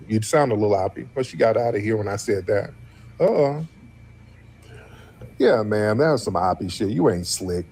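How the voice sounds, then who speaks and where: Husky man hosting a blunt call-in show. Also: medium pitch, mellow. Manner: blunt, mocking, questioning callers. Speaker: show host.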